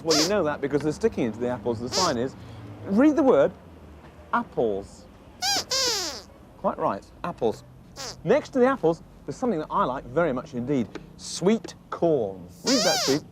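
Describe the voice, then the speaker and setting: A man's voice: high voice, heavy background noise. A man with a British accent presenting a children's show, talking playfully and patiently to a puppet. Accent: British English. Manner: animated, teasing, patient.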